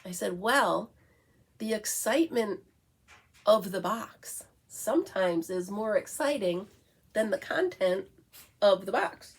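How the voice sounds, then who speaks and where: A woman's voice: mid-range voice, expressive, slow, breathy edge. A middle-aged woman from the United States hosting a casual morning coffee chat, chatty and breaking into baby talk with her dog. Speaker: vlog host.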